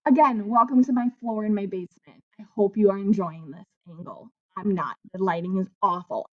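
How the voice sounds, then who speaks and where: A woman's voice: medium pitch, a little fast, reverberant, far from the mic, lo-fi sound. A woman teacher giving a recorded lesson, playful and jokey, who keeps asking "okay?". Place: basement floor at home.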